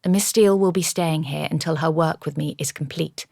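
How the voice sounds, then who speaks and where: A stern, curt gentleman who snaps out clipped orders, as a woman narrator voices him. His voice is low and gravelly with a dry, close sound. He is the master of a house in an audiobook. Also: moderate pace, no room sound. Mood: commanding.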